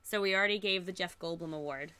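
A woman's voice: on the low side, quick pace, sharp tone, smooth. A young woman co-hosting a podcast in casual chat, with a dry, teasing wit. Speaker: podcast co-host.

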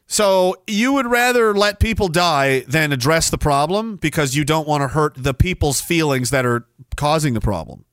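Man, Canadian, podcast host, angry sarcastic rant, high bright voice. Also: animated, moderate pace, hardly any pauses, dry recording, studio quality. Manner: angry, sarcastic, mocking imitations. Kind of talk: ranting solo commentary.

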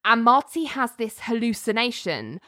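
A woman's voice: fairly high pitch, big pitch swings, moderate pace, bright, forceful tone, no room sound, clean studio sound. A woman casually recapping a TV episode, chatty and laughing often. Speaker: podcast co-host recapping a TV episode. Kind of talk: casual chat.

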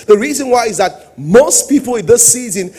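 Male pastor, husky high voice, sermon delivery that drops to quiet asides and rises to sung-out calls. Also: lively intonation, moderate pace. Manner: swings between soft asides and loud sung-out exhortation.

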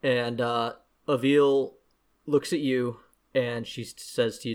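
A man's voice: medium pitch, steady tone, takes it slowly, clean tone. A man narrating as game master of a tabletop game, with frequent hesitations and restarts. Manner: hesitant, lots of fillers and restarts.

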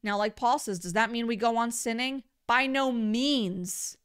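A woman's voice: fairly high pitch, measured pace, smooth. A woman giving a livestreamed Bible teaching in an earnest, conversational way, often repeating words for emphasis.

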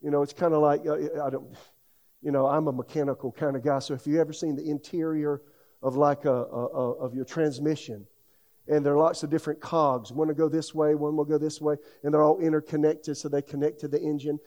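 A man's voice: on the high side, little pitch movement, a little fast, mellow. A middle-aged man preaching a sermon in a folksy, conversational way, full of asides. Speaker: pastor.

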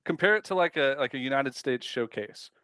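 A man's voice: medium pitch, lively intonation, brisk, a bit bright, clean tone, dry recording. Teasing man co-hosting, dry mic. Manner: playful, teasing interjections. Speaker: podcast co-host. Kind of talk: casual chat.

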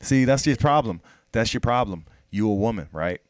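A man's voice: fairly low pitch, lively intonation, normal speed, dry recording. Profane, emphatic man arguing. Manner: teasing, rhetorical questions. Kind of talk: casual chat.

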